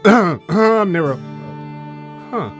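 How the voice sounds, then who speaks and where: A man's voice: fairly high pitch, creaky, voice pushed up, exaggerated voice. Nero, a man doing a lost emperor calling out. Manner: bewildered, calling out into emptiness. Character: Roman emperor Nero, male, vain and theatrical.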